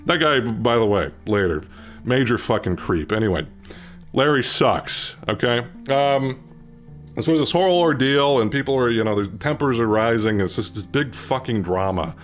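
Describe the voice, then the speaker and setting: A young man hosting a casual vlog, telling a story in an animated, swearing way and climbing loud when he quotes himself. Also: mid-range voice, normal speed, soft background music. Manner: animated, profane, rising to near-shouting when quoting himself. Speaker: channel host.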